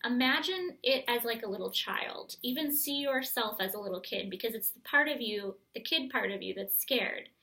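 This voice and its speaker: A woman coaching viewers through a guided self-help exercise, speaking gently and straight to the viewer. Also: fairly high pitch, expressive, normal speed, hardly any pauses, low-quality recording.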